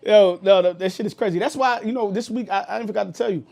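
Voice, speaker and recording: A man with a New York accent co-hosting a podcast, telling a story in a loud, animated, profane way. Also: high voice, fast, vocal fry. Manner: animated, profane, gets loud and heated retelling anecdotes. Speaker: podcast co-host. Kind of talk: casual podcast chat, storytelling.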